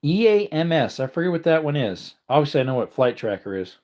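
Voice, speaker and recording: A man's voice: fairly high pitch, big pitch swings, fairly quick, darkish tone. A man vlogging from his home kitchen in a rambling casual chat, wandering between topics and talking to his dogs.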